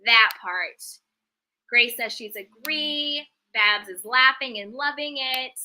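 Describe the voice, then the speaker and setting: Bright, animated woman reading live chat. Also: on the high side, slow, slight background noise. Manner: animated, reads viewer comments and reacts with emphatic repeats. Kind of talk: casual live-stream commentary. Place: indoors at home.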